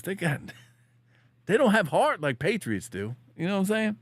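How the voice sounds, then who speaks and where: A man's voice: high voice, sing-song, normal speed, no echo. Playful slangy man hosting commentary. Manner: joking, loose, slangy, with shouted catchphrases. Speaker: commentary show host. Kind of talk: casual political commentary.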